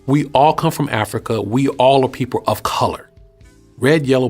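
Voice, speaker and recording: Animated man teaching over soft music. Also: medium pitch, moderate pace. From Texas. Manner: animated, conversational preaching with rhetorical questions. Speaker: host. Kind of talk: casual spoken teaching.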